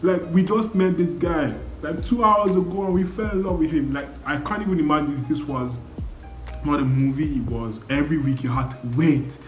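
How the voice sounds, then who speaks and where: A man's voice: fairly high pitch, fairly quick. A young man giving a casual, emotional spoken review, exclaiming and repeating "no, no, no" as he talks. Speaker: anime reviewer. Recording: roomy echo, faint background music.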